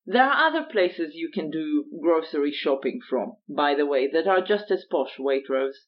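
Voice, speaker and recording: A woman's voice: low-pitched, lively intonation, moderate pace, muffled recording. A woman with a non-native English accent co-hosting a podcast, blunt and teasing, swearing freely. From immigrant to Britain. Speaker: podcast co-host. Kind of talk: casual chat.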